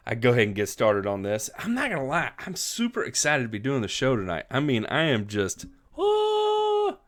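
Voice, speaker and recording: A man's voice: medium pitch, fairly bright tone. A man hosting a live lawn care show, upbeat and folksy, greeting viewers by name and chatting casually. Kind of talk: live-stream chat with viewers.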